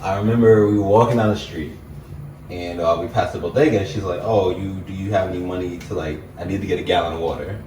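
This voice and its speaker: A young man, an interview guest telling a personal story in a relaxed, reflective way, full of "like" fillers. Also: deep voice, quick pace, distant mic. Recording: echoey room, mic set back, faint hiss.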